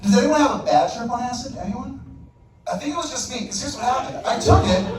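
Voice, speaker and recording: A man's voice: very high voice, lively intonation, fast, music in the background. A man doing a stand-up comedy set in a club, working the crowd and hitting punchlines hard. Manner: crowd work, loud punchlines. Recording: echoey club, distant mic, audience noise.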